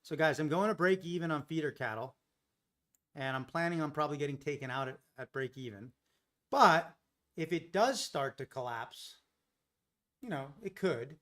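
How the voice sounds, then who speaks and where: A man's voice: on the high side, lively intonation, moderate pace, fairly bright tone. A man hosting a live day-trading stream, thinking aloud through his trades and chatting with viewers. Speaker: day trading livestream host.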